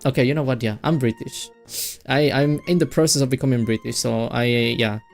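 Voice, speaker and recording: A man's voice: mid-range voice, brisk, gravelly, soft background music. A man streaming a game, chatting casually and rambling with his chat between reading lines. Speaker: VTuber streamer.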